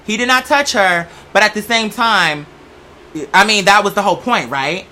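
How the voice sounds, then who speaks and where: A man's voice: sits high, moderate pace, bright, forceful tone. A young man hosting a show, talking in a sassy, campy, profane comedic monologue. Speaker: show host.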